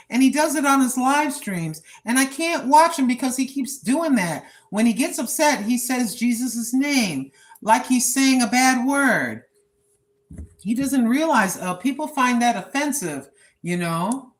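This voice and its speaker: An older woman talking casually and preachily while live-streaming on a walk, recorded on her phone. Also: a little high. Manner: chatty, preachy, talks to herself. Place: outdoors on a walk.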